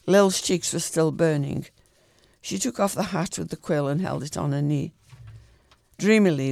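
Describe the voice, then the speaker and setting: A man reading a short story aloud in a calm, even way, with the odd small slip. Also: on the high side, gravelly, no echo, studio quality.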